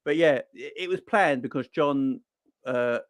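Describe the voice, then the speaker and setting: A man chatting casually as a fan channel co-host, lively and full of tag questions. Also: medium pitch, a little slow, dry recording. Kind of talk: casual chat.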